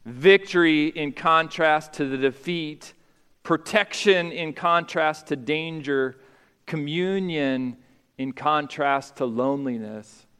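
A male pastor preaching a sermon, climbing to loud, high emphatic peaks and then dropping quiet. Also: takes it slowly, clean tone. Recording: long hall reverb.

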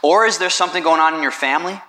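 A man's voice: a little high, rapid-fire, pushed and bright. A man preaching a sermon in a conversational way, asking the listeners questions. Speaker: pastor.

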